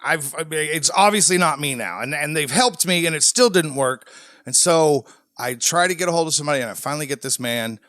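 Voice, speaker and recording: A Midwestern man on a podcast, caught up in his own story and laughing often between lines. His voice sits a little high for a man. The mic is close and dry, with no room sound at all. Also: brisk, no room sound. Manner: animated storytelling, frequent laughter. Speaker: podcast co-host. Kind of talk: casual podcast chat.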